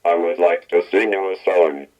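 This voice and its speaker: A menacing robot speaks with a very deep, flat synthetic male voice. A metallic flanger and reverb color every word, and the delivery stays mechanical and emotionless. It plays back muffled and lo-fi through a small speaker. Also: moderate pace. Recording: dull lo-fi speaker playback.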